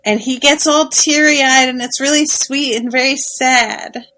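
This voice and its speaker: A woman's voice: high-pitched, fairly even intonation, measured pace, bright, forceful tone, rough recording. A woman co-hosting a podcast, casually recapping a TV episode in an emphatic, sympathetic way with lots of fillers. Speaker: podcast co-host.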